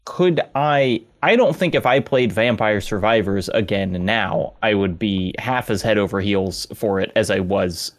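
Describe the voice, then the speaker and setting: A man on a casual games podcast panel, reasoning through his points in an animated way. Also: on the low side, unhurried, few pauses. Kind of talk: casual roundtable chat.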